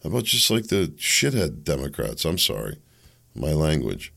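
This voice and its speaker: Brief: combative male talk radio host, low gravelly voice, sarcastic monologue delivery. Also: big pitch swings, moderate pace, fairly bright tone.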